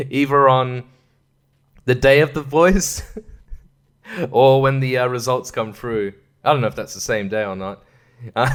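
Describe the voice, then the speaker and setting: A man's voice: mid-range voice, expressive, a little slow, long pauses. An Australian man hosting a podcast, giving a sarcastic comedic monologue and chuckling between jokes. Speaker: podcast host.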